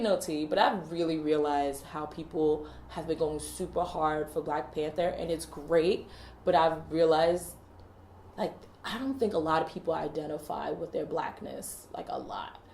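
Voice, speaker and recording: A woman co-hosting a podcast in casual chat, talking in an animated way with lots of fillers and laughter. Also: deep voice, normal speed, slight background noise. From West Indies. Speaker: podcast co-host. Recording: echoey room.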